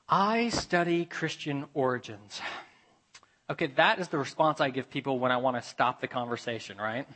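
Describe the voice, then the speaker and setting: A man preaching a sermon as a pastor, telling a personal story with animated shifts between loud emphasis and hushed asides. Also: medium pitch, moderate pace.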